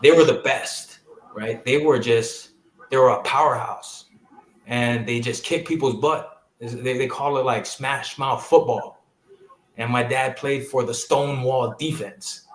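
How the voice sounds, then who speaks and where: A man in his thirties from Hawaii, a football coach telling stories as a guest on a casual interview podcast and lively acting out the people he quotes. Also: medium pitch, measured pace. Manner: animated storyteller who acts out quoted people. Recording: roomy echo.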